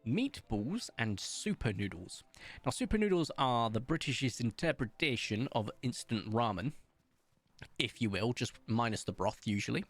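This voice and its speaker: While streaming a game, a Somerset man with a posh English accent chats casually, rambling through anecdotes with frequent ums. His mid-range voice has lively intonation at a normal speed.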